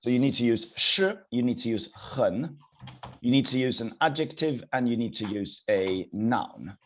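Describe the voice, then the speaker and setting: A young man teaching a live online language class over a video call, encouraging and repeating phrases slowly. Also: mid-range voice, animated, a little hiss or hum.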